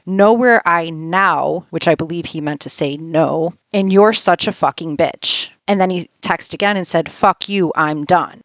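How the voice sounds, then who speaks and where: A woman's voice: fairly low pitch, no echo. A woman hosting a podcast, telling a personal story in a frank, conversational way and reading text messages aloud. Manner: frank, conversational, swears freely. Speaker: podcast host.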